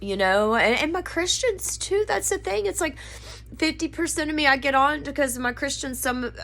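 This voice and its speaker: Recording on her camera mic at home in her living room, an occult vlogger from Pasadena, Texas, USA rambles earnestly and casually, filling her speech with fillers. Her high voice is animated and fairly bright, with vocal fry and a moderate pace.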